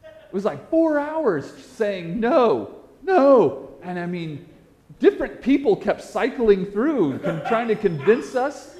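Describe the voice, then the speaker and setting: A man preaching in a storytelling style, animated and self-mocking, often repeating words for effect. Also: sits high, unhurried. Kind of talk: storytelling sermon.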